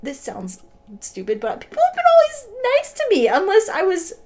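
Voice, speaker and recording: A young adult woman co-hosting a podcast, telling a story in casual chat, animated and full of "like". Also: very high voice, moderate pace. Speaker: podcast co-host.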